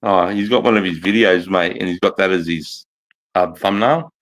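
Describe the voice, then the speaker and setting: A man's voice: deep voice, moderate pace, low-quality recording. A man, telling a rambling story in casual livestream chat, swearing often and saying mate and bro.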